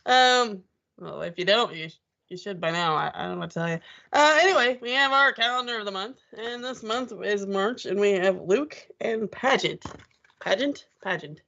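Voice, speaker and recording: A woman's voice: mid-range voice, expressive, normal speed, creaky, pushed and bright. Woman, podcast co-host, dry, offhand, wry, dull lo-fi recording. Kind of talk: casual chat.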